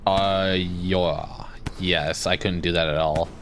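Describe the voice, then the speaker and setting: A man's voice: low-pitched, steady tone, slow pace, slight background noise. A man joining a game stream, chatting casually with a dry, teasing humor. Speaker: co-player on stream. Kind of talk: casual chat.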